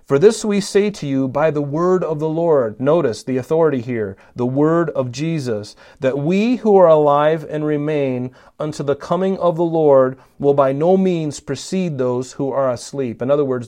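Man preaching, earnest, emphatic, slightly higher-pitched voice, sermon delivery. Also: moderate pace, few pauses, warm tone. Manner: earnest, emphatic Bible teaching with rising stress on key lines.

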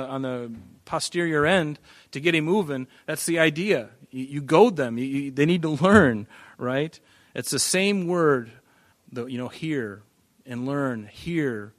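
Male pastor, mid pitch, dry close sound, emphatic verse-by-verse teaching style. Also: no echo. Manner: emphatic, repeats words, varies loudness for stress. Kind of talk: expository Bible teaching.

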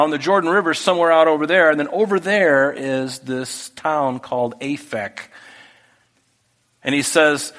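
A man preaching a sermon, talking through the text in a conversational way that moves from hushed to emphatic. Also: fairly high pitch. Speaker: pastor. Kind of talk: expository sermon. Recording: echoey hall with long reverb.

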